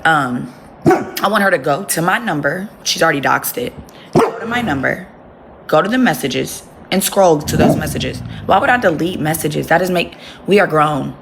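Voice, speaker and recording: A woman's voice: sits low, animated, moderate pace, creaky, noisy background. A woman livestreaming casually from home on her phone, blunt and profane, breaking off to talk to her dogs. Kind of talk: casual live chat with viewers.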